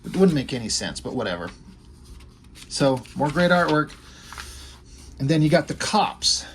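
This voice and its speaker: A man's voice: fairly high pitch, very animated, unhurried, a bit bright, a little hiss or hum. A man casually talking through a comic book page by page, rambling and enthusiastic with offhand asides. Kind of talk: casual video commentary.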